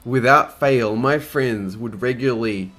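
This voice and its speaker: A man's voice: mid-range voice, unhurried, fairly bright tone, faint music behind. A young man, casually answering fan questions and telling crude stories, swearing often and laughing as he goes. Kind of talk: casual Q&A storytelling.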